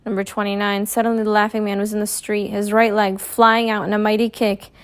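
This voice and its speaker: A woman reading a first-person novel aloud in a measured, clear storytelling manner. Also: mid-range voice, little pitch movement. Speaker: audiobook reader.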